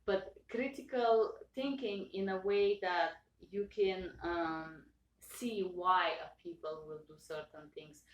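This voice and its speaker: A woman speaking English with an accent, earnestly thanking her viewers, halting and emotional with many restarts. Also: lowish voice. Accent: non-native English accent. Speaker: channel owner. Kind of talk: personal thank-you talk to viewers. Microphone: own camera. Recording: roomy echo, voice far from mic.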